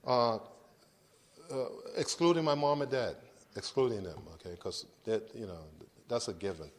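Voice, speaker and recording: A middle-aged guest lecturer gives an informal university lecture to an audience, speaking conversationally with frequent repeats and restarts and asking "does that make sense" to check understanding. His mid-range voice is very animated at a normal speed.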